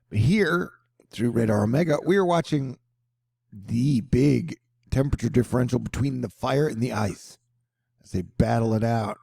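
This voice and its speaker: Gravelly man joking through weather news. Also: medium pitch, warm tone, dry recording, clean studio sound. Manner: joking, rambling, playful asides. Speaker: host. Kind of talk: casual weather news commentary.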